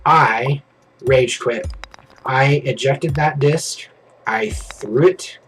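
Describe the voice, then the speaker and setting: A man streaming and telling a story in casual chat, animated and vivid, with casual swearing. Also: medium pitch, extremely slow, soft background music, poor audio.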